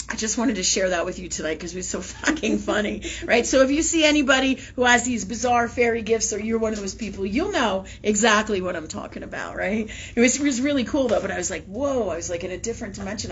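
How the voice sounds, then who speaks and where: Husky, laughing woman on a live stream. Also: mid-range voice, highs cut off. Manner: profane, laughing storyteller, animated. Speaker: spiritual talk show host. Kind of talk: casual live-stream talk.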